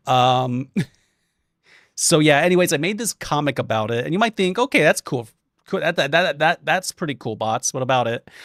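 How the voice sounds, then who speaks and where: A young man chats to his stream with a slightly high voice, telling an animated story and jumping into different voices for quotes. The sound is dry and close, with no room around it. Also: dry recording. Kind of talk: casual stream chat, storytelling.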